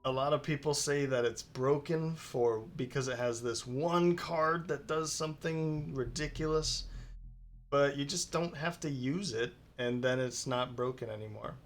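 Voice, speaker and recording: A man's voice: medium pitch, a little slow, slight background noise. A man hosting a let's play, giving casual commentary as he thinks aloud through his choices, with plenty of ums along the way.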